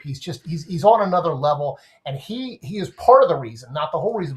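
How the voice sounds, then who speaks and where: On the high side in pitch, a man appears as a guest sports writer in a casual podcast discussion. He explains his points animatedly through everyday comparisons.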